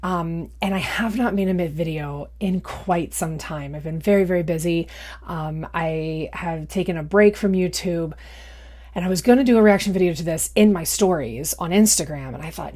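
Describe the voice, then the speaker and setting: A woman's voice: lowish voice, moderate pace, darkish tone. A young woman doing casual reaction commentary in a sarcastic, mocking way. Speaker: YouTube commentator.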